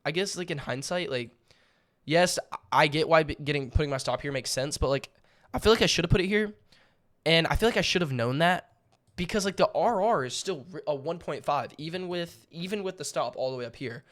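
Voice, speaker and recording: A man's voice: fairly high pitch, a little fast, a bit bright. A young man with a lilt, talking casually through a trade recap with lots of fillers and repeated words. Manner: jokingly theatrical. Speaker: day trading channel host.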